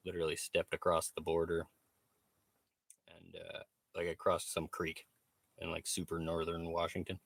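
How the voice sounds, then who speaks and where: A man's voice: low voice, pushed and bright, dry recording. A man chatting casually on a live stream, laid-back, swearing freely and laughing often. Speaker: livestreamer. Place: truck workshop.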